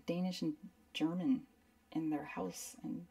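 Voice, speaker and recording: A woman's voice: lowish voice, steady tone, unhurried, vocal fry, dark tone, far from the mic. A woman instructor chatting casually through a live painting demo, rambling and saying "like" a lot. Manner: chatty, rambling, uses lots of "like". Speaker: art instructor.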